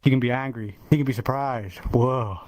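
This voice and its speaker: A man's voice: medium pitch, fairly even intonation, fast, darkish tone, a little hiss or hum. A man casually showing off an avatar he made, stammering, restarting and swearing offhandedly. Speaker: avatar creator presenting his work. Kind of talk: casual showcase chat.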